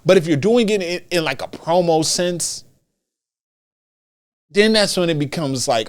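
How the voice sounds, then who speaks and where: A man hosting a solo wrestling commentary podcast, talking in an animated way and repeating phrases for emphasis. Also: on the high side, a little slow, pauses often. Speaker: podcast host.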